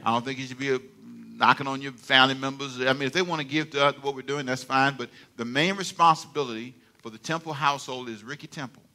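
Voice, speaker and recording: A man's voice: mid-range voice, fast, hardly any pauses. An older man preaching a sermon as pastor, telling stories with laughs and calling for amens from the congregation. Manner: animated storytelling with laughs and call-and-response. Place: church sanctuary.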